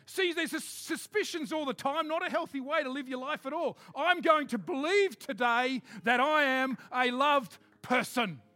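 Aussie preacher guy, really high voice, punchy, goes fast then slow and loud, dry sound. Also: no echo. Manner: emphatic, swinging from quick asides to slow shouted declarations. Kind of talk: sermon.

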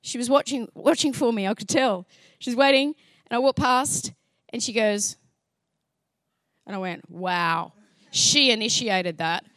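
A high-voiced woman tells her faith story with lots of life, acting out each line of dialogue and breaking into laughs. The sound is dry and close, with no room echo. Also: normal speed. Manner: lively, acts out dialogue, laughs often. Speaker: speaker sharing a faith testimony. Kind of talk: animated storytelling testimony.

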